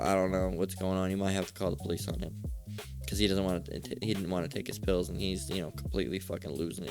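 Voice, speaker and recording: A man's voice: lowish voice, a little mellow. A man casually telling a personal story in a rambling, profane way, swearing often and restarting his sentences.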